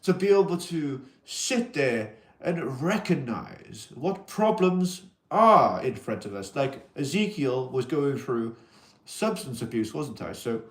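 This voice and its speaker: A man hosting a casual livestream about mental health, rambling as he reads out and answers viewers' comments and talks to them as an alien persona addressing humans, in an accent viewers ask about. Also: medium pitch. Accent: unplaced accent that viewers ask about. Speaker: livestream host.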